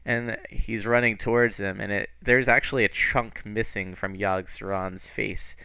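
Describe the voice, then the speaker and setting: A man's voice: lowish voice, steady tone, measured pace, gravelly, bright, forceful tone, clean tone, no echo. A man narrating a tabletop game as game master, in a casual style full of fillers and swearing.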